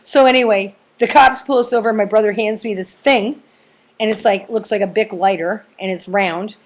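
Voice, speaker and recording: A woman's voice: medium pitch, fairly even intonation, moderate pace. A middle-aged woman telling a funny personal story in a rambling, profane way, full of fillers and restarts.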